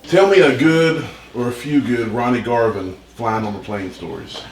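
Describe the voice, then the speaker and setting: A man's voice: mid-range voice, normal speed. A man asking short, casual questions as the interviewer. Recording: echoey room with faint noise.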